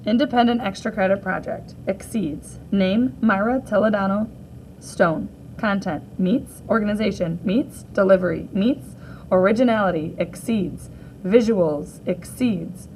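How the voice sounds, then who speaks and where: A woman teacher reading a graphic novel aloud to children, gently reading out the captions and sound effects too. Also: medium pitch, unhurried, slight background noise, low-quality recording.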